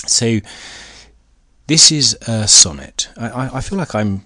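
A man's voice: mid-range voice, animated, a little slow, sharp tone. A man hosting a solo podcast, talking hesitantly with many fillers and restarts, his voice sometimes sinking to a near-whisper. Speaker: podcast host. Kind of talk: solo educational podcast talk. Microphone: laptop recording.

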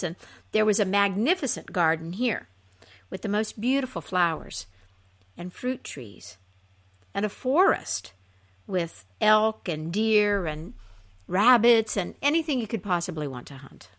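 Slow, expressive woman telling a fairy tale. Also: medium pitch. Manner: unhurried, expressive, soft at phrase ends. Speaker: storyteller. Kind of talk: reading a fairy tale aloud.

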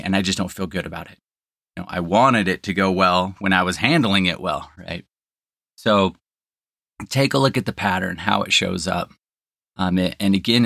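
A man's voice: sits low, bright, forceful tone, no echo, studio quality. A man hosting a solo podcast, explaining ideas in a conversational counselor's way, often checking in with "right?" and the odd "um". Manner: conversational, frequent "right?" and "um" fillers.

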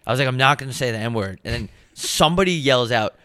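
A man's voice: medium pitch, lively intonation, fast, sharp tone, clean tone, dry recording, clean studio sound. A young man co-hosting a casual podcast, talking loosely with lots of fillers and swearing. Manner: laid-back, filler-heavy, swears a lot. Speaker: podcast co-host. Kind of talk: casual chat.

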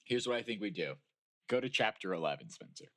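A man's voice: on the low side, fast talker. A man co-hosting a podcast, reading fan fiction aloud and joking around. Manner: lively, jokey. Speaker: podcast co-host.

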